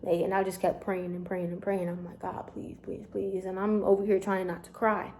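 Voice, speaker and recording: A young woman, telling a storytime vlog straight to her viewers in an animated, chatty way. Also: mid-range voice, a little fast, a little hiss or hum. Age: young adult. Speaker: vlogger.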